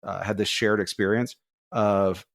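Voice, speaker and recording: A man's voice: on the low side, unhurried, gravelly, dry recording. Man telling stories in a dry studio. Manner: rambling, animated, acts out quoted voices. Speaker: podcast co-host. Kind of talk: casual storytelling.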